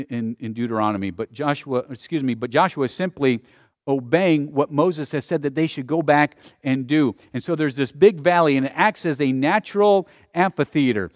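Higher-voiced male pastor preaching. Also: no echo, studio quality. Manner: preaching with swelling, rising emphasis and Scripture reading. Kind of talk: sermon.

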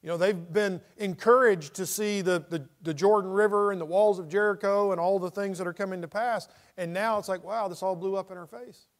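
A man's voice: sits high, fairly even intonation, brisk, hardly any pauses. A middle-aged man teaching a Bible study in a conversational way, reading scripture aloud with dramatic inflection.

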